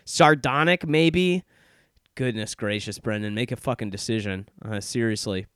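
A man's voice: lowish voice, moderate pace, a bit bright, clear, resonant tone, no echo. Young male podcast host: chatty, self-mocking, sardonic; clean resonant voice, recorded close and dry. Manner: rambling, self-deprecating and sardonic. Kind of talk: casual podcast intro monologue. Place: office in Chicago.

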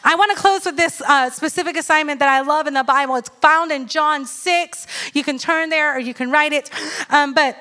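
A woman in her thirties giving a sermon full of personal stories, chatty and animated, checking in with the audience with "okay?" and "all right?". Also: high-pitched, normal speed. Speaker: speaker at a women's church gathering. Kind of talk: preaching with personal storytelling.

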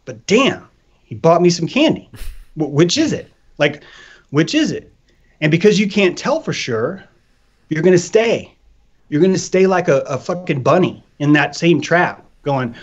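Animated, profane man on a podcast. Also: a little high, a little slow, husky. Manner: animated, profane, acts out voices. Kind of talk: casual chat. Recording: dull lo-fi sound.

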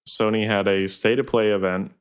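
A man's voice: fairly low pitch, steady tone, normal speed, clean tone. A man co-hosting a casual gaming podcast, running through news in a matter-of-fact, rambling way. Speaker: podcast co-host.

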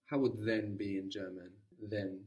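A man teaching a guided language lesson, patiently prompting and repeating answers slowly. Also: lowish voice, little pitch movement, a little mellow, distant mic.

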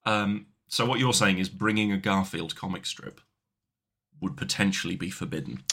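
A man's voice: sits low, normal speed, gravelly, pushed and bright, husky. A man with a Yorkshire accent co-hosting a comedy podcast, chatting casually in a dry, rambling, sweary way. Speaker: podcast co-host.

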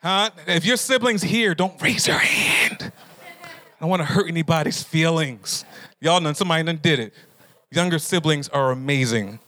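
A pastor preaching to a live group, talking easily and often turning to his listeners with questions. His voice sits somewhat high for a man. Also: normal speed, bright, forceful tone. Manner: conversational, asks the audience questions.

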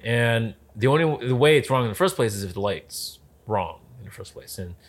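A man in a casual conversation about film lighting. He tells stories in an animated way, acts out what people said, and often restarts his sentences. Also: medium pitch, a little fast. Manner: animated storyteller, acts out quotes, many restarts. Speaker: lighting specialist guest.

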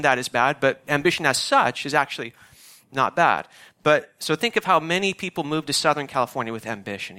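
Male pastor, bright and slightly high voice, easy conversational preaching that hammers its key phrases. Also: clean tone. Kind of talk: sermon.

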